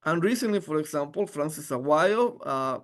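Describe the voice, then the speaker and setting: A man presenting his engineering department as a faculty member, earnest and halting with frequent restarts. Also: fairly high pitch, animated. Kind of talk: informational presentation.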